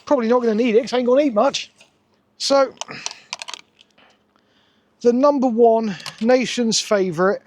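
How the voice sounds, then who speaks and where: A man's voice: extremely high pitch, normal speed, pauses often, darkish tone, slight background noise. A man reviewing takeaway food in a casual vlog, sarcastic and exasperated.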